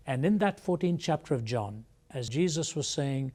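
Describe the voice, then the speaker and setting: A man as an interview guest, telling a personal testimony in a measured, reflective way. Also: mid-range voice, expressive, vocal fry, darkish tone. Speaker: guest speaker.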